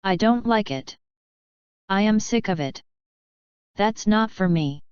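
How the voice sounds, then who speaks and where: A woman reading short English example phrases aloud one by one in a slow, careful lesson delivery. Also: medium pitch, animated, a little mellow, clear, resonant tone, no room sound, lo-fi sound. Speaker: English teacher.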